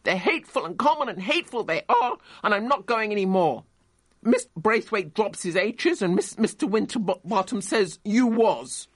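A man's voice: high-pitched, lively intonation, moderate pace, hardly any pauses, bright, forceful tone, no echo, studio quality, pitched above the performer's own voice, full character voice. A man voicing a furious, sulky young boy in a reading of a novel. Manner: petulant, insistent.

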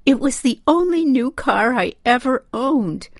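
A woman's voice: lively intonation, a little slow, dry recording, clean studio sound, exaggerated voice. Woman doing a wailing, wavering old mother. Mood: wailing distress. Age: older. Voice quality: wavering, high and crying. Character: elderly mother, anxious, wailing, tearful.

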